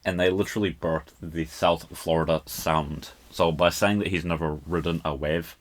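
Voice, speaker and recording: A Scottish man with a very low, deep voice hosts a casual podcast. He picks apart a song in a loose, chatty way and keeps breaking off to laugh at how his accent comes out. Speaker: podcast host.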